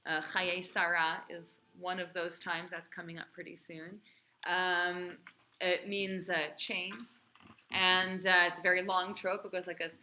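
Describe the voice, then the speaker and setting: A woman's voice: lowish voice, flat delivery, a little slow, sharp tone, slight background noise. A female cantor teaching a class, quizzing and encouraging her students in a chatty way.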